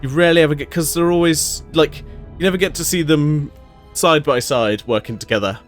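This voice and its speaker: A man's voice: fairly high pitch, moderate pace, faint music behind. Rambling, swearing man recapping an episode. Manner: rambling, profane, many fillers and restarts. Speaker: episode reviewer. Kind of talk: casual solo episode recap.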